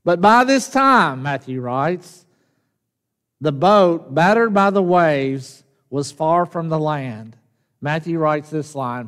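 A pastor preaching a sermon, speaking slowly and emphatically and often asking his congregation rhetorical questions. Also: a little high, expressive, fairly bright tone, smooth. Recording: long reverb of a church hall.

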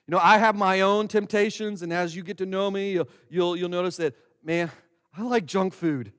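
A male pastor gives a relaxed, chatty sermon and slows down to stress words in prayer. His voice sits a little high and sounds smooth and resonant. A long reverb trails behind it in the church hall. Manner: conversational, with slow emphatic prayer recitation. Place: church sanctuary.

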